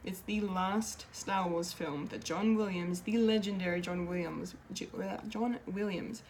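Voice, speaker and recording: A woman's voice: on the low side, steady tone, a little slow, a little mellow, a little hiss or hum. A woman giving an unscripted, emotional film review, gushing and restarting her sentences with many fillers. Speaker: pop culture video reviewer.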